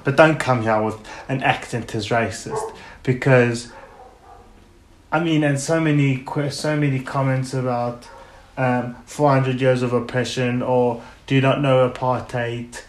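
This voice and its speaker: A man's voice: mid-range voice, fairly even intonation, unhurried, echoey room, slight background noise. A man hosting a casual podcast, talking earnestly and a little defensively, repeating himself as he makes his point. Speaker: podcast host.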